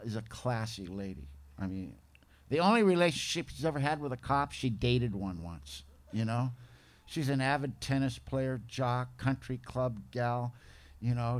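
Middle-aged man, recovery meeting speaker, casual slangy testimony, mid-pitched voice, acts out others' lines. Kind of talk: personal testimony storytelling.

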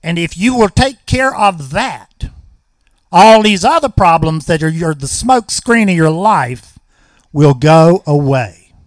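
A man's voice: on the high side, animated, slow pace, no echo, studio quality. A man, telling a personal recovery story at a meeting with folksy, wry humor.

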